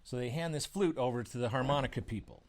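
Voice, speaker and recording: A man, an author and educator, explaining ideas through personal stories in a relaxed spoken lesson, with fillers and restarts and lively bursts when he acts out quoted speech. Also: medium pitch, quick pace. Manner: animated storytelling, acts out quoted outbursts; conversational, with frequent fillers and restarts.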